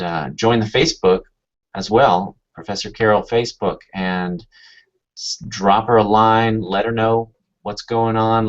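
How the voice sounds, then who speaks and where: A man hosting a casual online chat, easygoing and hesitant with many fillers. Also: fairly low pitch. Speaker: show host. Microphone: video call. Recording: dull lo-fi video call audio.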